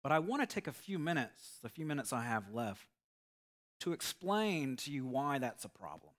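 A man preaching a sermon, telling an illustrative story in an earnest, measured way. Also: mid-range voice, very animated, fairly bright tone. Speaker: pastor.

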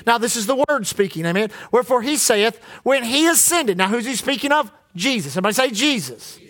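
A man's voice: extremely high pitch, animated, fairly quick, a bit bright. A male pastor preaching a sermon in church, leading the congregation in call-and-response.

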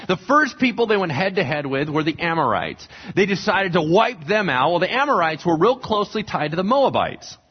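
A pastor telling a Bible story in a sermon, acting out the characters' lines with animated, casual voices. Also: male voice, high-pitched, brisk, hardly any pauses, breathy edge. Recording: dull lo-fi sound.

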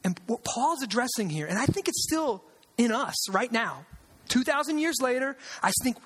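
A man's voice: very high voice, fairly bright tone. A man preaching a sermon as pastor, conversational and emphatic, repeating lines for weight. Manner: conversational, emphatic, uses sarcasm and repetition. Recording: long hall reverb.

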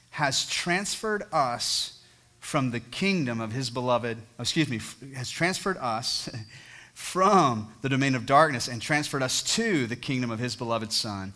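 A man's voice: medium pitch, bright, forceful tone. A man in his thirties preaching a sermon as a church pastor, earnest and telling stories with dramatic voiced quotes. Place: church sanctuary.

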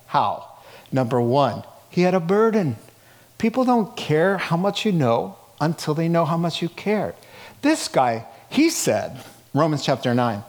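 A middle-aged man pastor preaching a sermon in an emphatic, conversational way, with rhetorical questions to the congregation. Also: a little high.

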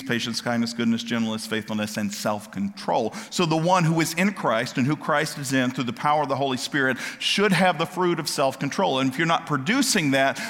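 Impassioned preacher in a reverberant hall. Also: male voice, medium pitch. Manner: swings from quiet asides to loud impassioned preaching. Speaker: pastor. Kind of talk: sermon.

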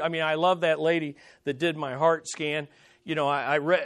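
A middle-aged man with a fairly high voice preaches in an easy, conversational way. He drives his points home by repeating short phrases with emphasis. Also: steady tone, brisk, fairly bright tone. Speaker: pastor. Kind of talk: sermon.

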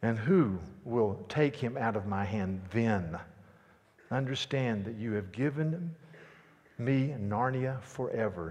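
A man reading a cruel, triumphant witch queen from a storybook aloud during a sermon, in a slow, low, gloating way. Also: darkish tone, big-room sound.

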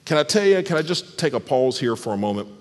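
Animated preaching man in a reverberant church. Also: fast. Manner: animated preaching, dropping soft and low for emphasis. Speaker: pastor. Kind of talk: sermon. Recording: long hall reverb.

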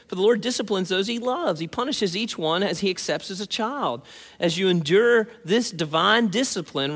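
A man preaching a sermon as pastor, talking in an animated, conversational way with frequent asides. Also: high-pitched. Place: church sanctuary. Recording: long hall reverb.

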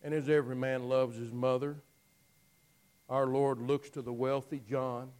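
A man preaching a dramatic storytelling sermon, swinging from loud declaiming to hushed, near-whispered lines. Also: mid-range voice, flat delivery, clear, resonant tone, poor audio. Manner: slow, drawn-out phrasing with long pauses.

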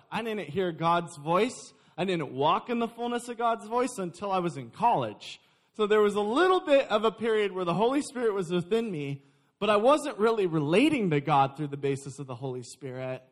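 A young adult man preaching a sermon, lively and joking with his congregation. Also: sits high. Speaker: pastor.

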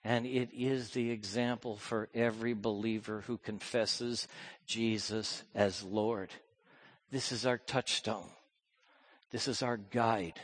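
A male preacher delivering a sermon, swinging from hushed, slow lines to loud, fervent ones. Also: fairly low pitch, fairly even intonation.

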